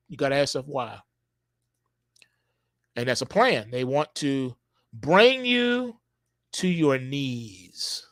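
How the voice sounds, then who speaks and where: A man's voice: medium pitch, animated, sharp tone, dry recording, clean studio sound. Emphatic man preaching on a live stream. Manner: emphatic, repetitive, drawn-out words for effect.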